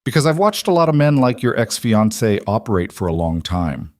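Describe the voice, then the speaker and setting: A man playing a calm, reserved mafia boss who speaks in a measured, matter-of-fact way. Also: lowish voice, dry recording, studio quality.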